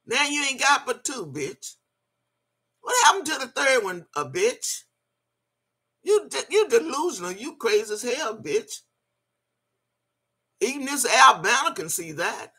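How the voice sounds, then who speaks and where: A woman's voice: fairly high pitch, big pitch swings, a little slow, long pauses, bright, forceful tone, breathy edge. A woman hosting a live stream, answering her chat and scolding a critic in a profane, mocking rant. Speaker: livestream host.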